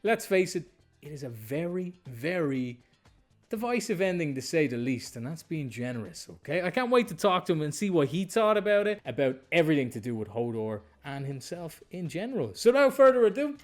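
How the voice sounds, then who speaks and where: A man's voice: a little high, big pitch swings, brisk, soft background music. A man hosting a casual interview podcast, enthusiastic and informal, often repeating himself. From Ireland. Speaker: podcast host.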